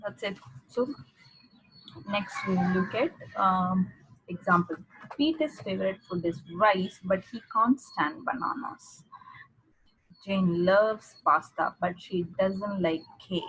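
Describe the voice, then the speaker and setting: A woman's voice: mid-range voice, slow pace, a bit bright, breathy edge, rough recording. Woman, online exam tutor; patient explainer who repeats phrases; call mic. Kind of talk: online speaking lesson.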